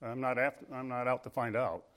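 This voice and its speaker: A man's voice: mid-range voice, fairly even intonation, brisk, fairly bright tone. A man preaching a sermon at a live-streamed church service, earnest, rising in emphasis on key phrases and often restarting or repeating words. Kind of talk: sermon with opening prayer.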